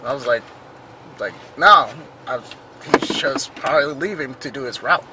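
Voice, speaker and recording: A man vlogger casually telling a story, animated and acting out the dialogue he quotes. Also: mid-range voice, moderate pace, very noisy.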